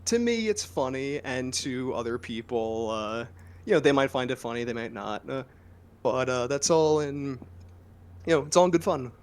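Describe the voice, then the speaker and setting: A man with a New Jersey accent chats on a casual podcast as a game master. He tells stories in a lively, joking way. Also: medium pitch, normal speed. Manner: lively storyteller, animated and joking.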